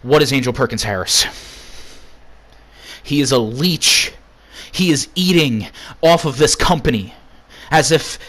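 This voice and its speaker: A man rants sarcastically through an in-character wrestling promo, swearing at nearly every turn. His voice sits at an ordinary middle pitch. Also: animated, measured pace, a bit bright. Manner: profane, ranting, sarcastic.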